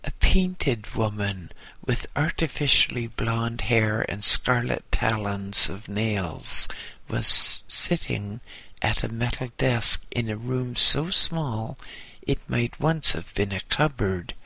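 Gravelly man reading a memoir. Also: mid-range voice, takes it slowly, sharp tone, no room sound. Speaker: narrator. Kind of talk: audiobook narration.

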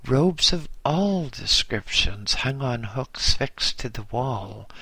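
A man narrating a memoir as an audiobook, in slow, measured storytelling. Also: medium pitch, animated, vocal fry, sharp tone, breathy edge, no room sound.

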